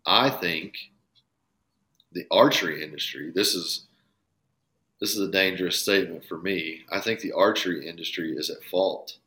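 Deep-voiced earnest man, bright tone. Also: normal speed. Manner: earnest, emphatic, profane at times. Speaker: podcast guest, bowhunter. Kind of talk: casual podcast talk.

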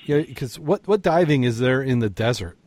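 A man hosting a casual podcast chat, talking in halting stops and restarts and repeating his words as he tells corny jokes. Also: medium pitch, expressive, darkish tone, dry recording. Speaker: podcast host.

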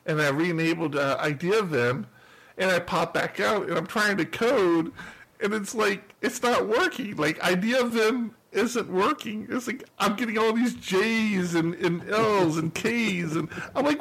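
A man's voice: high-pitched, measured pace, a bit bright, rough recording. A man co-hosting a podcast, telling a story in casual chat, acting out his own reactions and laughing at himself. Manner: laughs often, self-mocking. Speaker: podcast co-host.

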